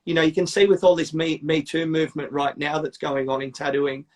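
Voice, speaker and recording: Hosting a casual podcast chat, this middle-aged man rambles through stories, swears a lot, and does voices for the people he quotes. His voice is on the high side, with flat delivery and a fairly quick pace.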